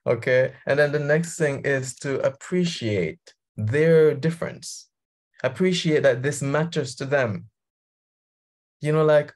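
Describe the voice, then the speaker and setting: A man's voice: medium pitch, takes it slowly. A man coaching leaders, talking conversationally over a video call and laughing easily. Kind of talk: guest talk on a video call.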